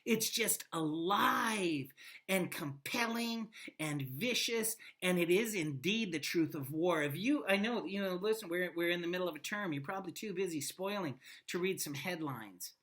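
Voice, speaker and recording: A woman teacher giving a classroom lecture on a play, talking emphatically and animatedly with quiet asides. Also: on the low side, expressive, normal speed.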